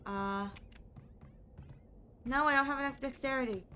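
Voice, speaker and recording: A woman's voice: sits high, a little slow, sharp tone, slight background noise. A woman streamer playing a game, thinking aloud in a playful, casual way. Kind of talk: casual game commentary reading game text.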